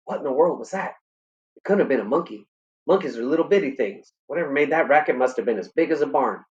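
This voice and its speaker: A man's voice: medium pitch, expressive, quick pace, a little mellow, dull audio, close to an everyday voice. A man reading aloud as a country boy who earnestly coaxes his hound. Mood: hushed. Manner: earnest, coaxing.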